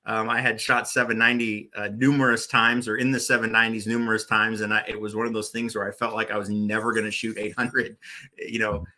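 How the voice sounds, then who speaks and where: A man in his forties, a former bowling tournament director, appears as a podcast guest in a casual storytelling interview. He rambles loosely, restarting often and filling gaps with "uh." His lower voice stays level in tone, a bit fast, pushed and bright.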